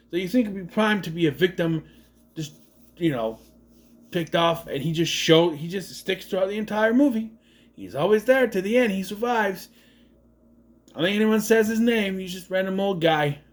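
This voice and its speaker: A man giving a casual, rambling movie review, sarcastic and swearing often. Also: a little high.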